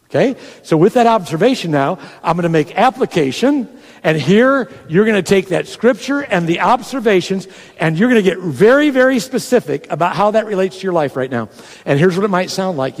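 A man preaches in a conversational, teaching way, walking the congregation through a method and acting out each step. His voice sits a little higher than most men's. A long reverb from a large church hall trails after his words. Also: animated, fairly quick. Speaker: pastor. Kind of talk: sermon.

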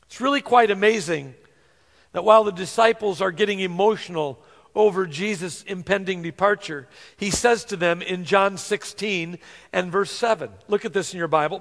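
A man preaching a sermon, earnest, slowing down to stress scripture verses. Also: high voice, gravelly, fairly bright tone. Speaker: pastor. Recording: long hall reverb.

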